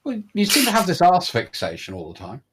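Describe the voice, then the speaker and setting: A man's voice: high-pitched, wildly swooping pitch, fairly quick, heavy background noise. A man in a casual debate chat, trading dry, mocking jabs.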